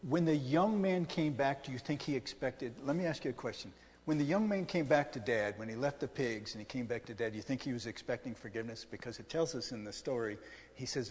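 A middle-aged man preaching from the pulpit in a relaxed, talkative way, pausing to quiz his congregation. His voice sits at a medium pitch and rings out with the long reverb of a church hall. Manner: conversational preaching with questions to the congregation. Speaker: pastor. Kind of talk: sermon.

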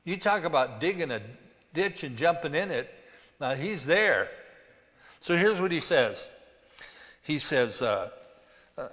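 A man preaching a sermon as pastor, reading scripture slowly and stressing words with emphasis. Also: on the high side, sing-song, a bit bright, long reverb tail.

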